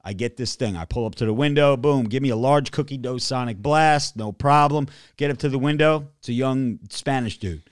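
A man rambling through a story in casual podcast talk, cursing freely and restarting his sentences. His voice sits mid-low and sounds dry and close to the mic. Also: normal speed, hardly any pauses, smooth, no echo. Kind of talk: casual chat.

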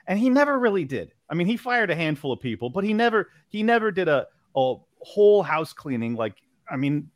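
A man's voice: a little high, a little fast, dry recording. Laid-back man in dry casual chat. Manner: loose, animated, swears, laughs often. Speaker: podcast host.

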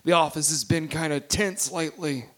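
Man playing a nervous male dragonborn clerk, low and hushed, stammering, fantasy tabletop game. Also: close to an everyday voice. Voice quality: quiet, halting.

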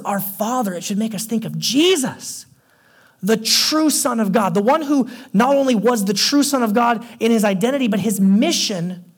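Young male pastor with a somewhat high, husky voice; conversational sermon delivery that sinks soft for key points. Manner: conversational storytelling, dropping low and quiet for emphasis.

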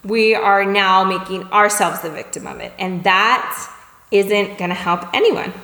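A woman teaches in a casual, conversational way, often checking in with her listeners. Her voice rings through a roomy space with a long, trailing reverb. Her pitch sits in the middle for a woman. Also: unhurried. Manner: acts out little dialogues in lively voices. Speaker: communication teacher. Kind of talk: spoken lesson on empathetic listening. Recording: echoey room with long reverb.

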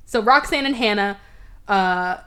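A woman's voice: mid-range voice, unhurried, pushed and bright. A woman hosting a podcast, animatedly recapping a movie's plot in casual chat, acting out the characters' lines and swearing freely. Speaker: podcast host.

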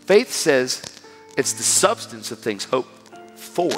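A man preaching a sermon, telling a story with animated, emphatic exhortations. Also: fairly high pitch, measured pace. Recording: reverberant hall with music behind.

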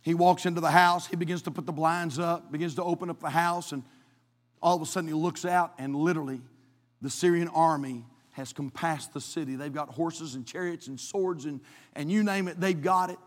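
High-voiced preacher in a reverberant church. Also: male voice, fairly even intonation, brisk. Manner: dramatic, swings from hushed to shouting. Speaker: pastor. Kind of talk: sermon.

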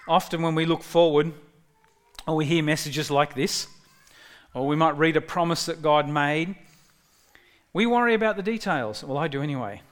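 A man preaching a sermon in a conversational way, with frequent restarts and bursts of excitement when quoting. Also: fairly high pitch, unhurried, long pauses, clean tone. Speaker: pastor.

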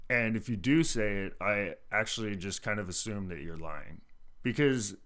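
Laid-back, cursing bartender telling stories. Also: male voice, lowish voice, moderate pace, a bit bright. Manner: laid-back and profane, full of fillers like "dude" and "like". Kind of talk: casual storytelling chat.

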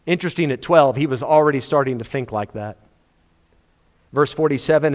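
A man preaching a sermon, telling the story with animated, acted-out scenes. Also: mid-range voice, brisk, long pauses. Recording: long hall reverb.

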